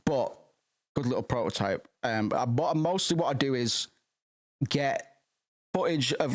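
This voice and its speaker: A man hosting a livestream in casual chat, rambling and excitable with lots of swearing, from his home streaming setup. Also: mid-range voice, unhurried, pauses often. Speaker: livestream host.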